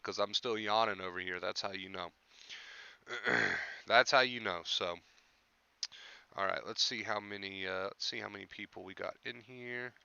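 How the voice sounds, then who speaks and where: A man's voice: on the low side, steady tone, a little slow, creaky, sharp tone, clear, resonant tone, dry recording, highs cut off. A young man coaching on anxiety recovery in a casual live stream, repeating his points and greeting viewers by name.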